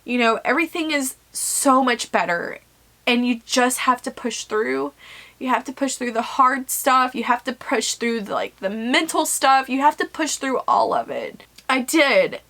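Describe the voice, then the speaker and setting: A woman's voice: high voice, expressive, unhurried, fairly bright tone. A young woman, an author talking earnestly and emotionally to her viewers in a rambling casual vlog. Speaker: self-published author and vlogger.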